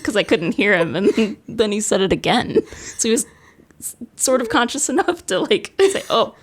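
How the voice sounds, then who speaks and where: A woman's voice: fairly high pitch, very animated, moderate pace, slightly rough. A woman co-hosting a podcast, trading playful, teasing banter in casual chat. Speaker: podcast co-host.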